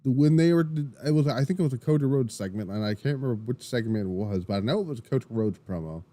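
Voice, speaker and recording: A man talks through a wrestling recap on his podcast, rambling and excitable, restarting sentences and swearing freely. His voice is mellow and relaxed. The recording is dry and close. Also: medium pitch, fast, no echo. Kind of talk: casual solo recap.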